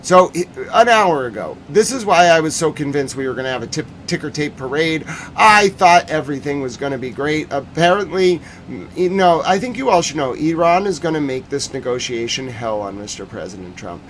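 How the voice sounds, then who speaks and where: A man hosting a casual livestream news recap, talking in an animated, joking, rambling way. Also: a little high, fairly quick, slight background noise. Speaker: news commentary host.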